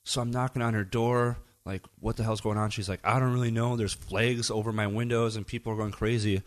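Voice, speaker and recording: Man, middle-aged, casual podcast storytelling, profane, animated quotes. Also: fairly low pitch, a little fast. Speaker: podcast guest, DJ.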